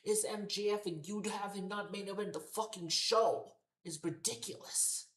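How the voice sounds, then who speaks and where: A woman with a mid-range voice rants heatedly at a moderate pace as a wrestling show reviewer. Exasperated and profane, she swears constantly and repeats herself, recorded in a roomy, echoey room.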